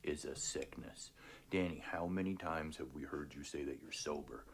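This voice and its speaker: Brief: man with an extremely deep voice, sneering mutter, faint hum under the clip. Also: normal speed, vocal fry. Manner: taunting, low muttered near-whisper. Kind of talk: taunting stream clip.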